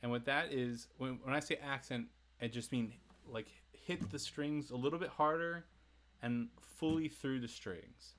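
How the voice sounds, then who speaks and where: A man's voice: medium pitch, measured pace. A man giving a casual, chatty livestream guitar lesson, talking to viewers and laughing between explanations. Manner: relaxed, chatty, answers chat and laughs often. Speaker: guitarist teaching a song. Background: faint acoustic guitar playing.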